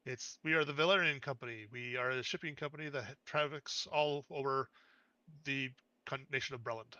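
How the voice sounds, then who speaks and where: A man voicing a tired woman cashier at a shipping office, answering in a flat, businesslike way. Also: mid-range voice, a little fast, no room sound, lo-fi sound. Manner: flat, businesslike, matter-of-fact.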